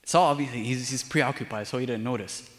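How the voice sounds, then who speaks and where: A man's voice: mid-range voice, a little fast. A young male deacon preaching a sermon in a casual, storytelling way with lots of fillers, recorded in a church sanctuary with long reverb.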